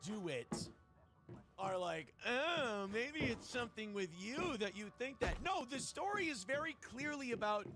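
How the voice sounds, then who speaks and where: Male podcaster, high animated voice, blunt profane ranter, played clip with music under it. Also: unhurried. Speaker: radio and podcast host. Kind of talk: ranting on a podcast.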